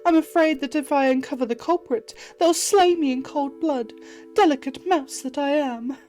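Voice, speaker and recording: A woman's voice: moderate pace, warm tone, faint music behind, natural voice. A woman voicing a dramatic, fussy female mouse who begs heroes for help, in a theatrical, pleading manner. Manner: theatrical, pleading, high-pitched.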